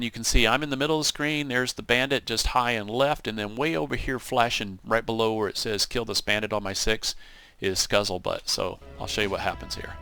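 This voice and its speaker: A man with a bright, forward voice talks through recorded flight-sim footage in a loose, chatty way. He tells the story with animation, jumping up to act out the radio calls, and a faint bed of music sits underneath. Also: medium pitch. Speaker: gaming channel host. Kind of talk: casual gameplay commentary.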